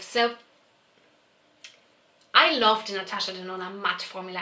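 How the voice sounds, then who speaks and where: A woman talks through a makeup comparison in a relaxed, rambling way, scattering fillers through her sentences. Her voice is bright and clear. The room rings noticeably around her. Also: mid-range voice, echoey room. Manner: chatty, many "like" and "you know" fillers. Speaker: beauty vlogger. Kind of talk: casual product review.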